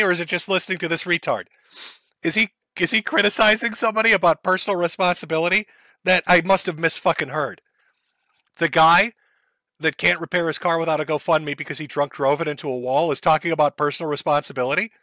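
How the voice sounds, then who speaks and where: A man's voice: fairly high pitch, steady tone, fast, pushed and bright, no room sound. A male streamer host giving crude, sarcastic commentary on clips, laughing at them.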